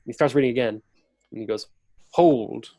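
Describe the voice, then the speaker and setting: A man's voice: mid-range voice, a little fast, a little mellow, dry recording. A man, a podcast guest and historian, telling a historical story in conversation and acting out quotes along the way. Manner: vivid retelling that acts out historical quotes.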